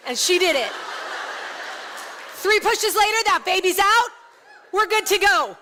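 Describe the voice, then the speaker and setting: A woman founder telling a funny personal story to a women's event audience, animated and laughing often. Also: very high-pitched, a little slow, long pauses, slight background noise. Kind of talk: comedic personal storytelling talk. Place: large event hall before an audience. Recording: long hall reverb, faint ambience.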